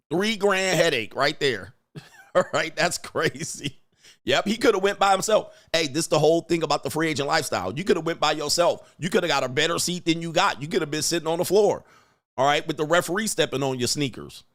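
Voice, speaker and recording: A man hosting a show, giving loud, crude, mocking commentary on video clips and laughing often. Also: a little high, a little fast, no room sound, clean studio sound. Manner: brash and mocking, laughs often, mimics voices. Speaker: host.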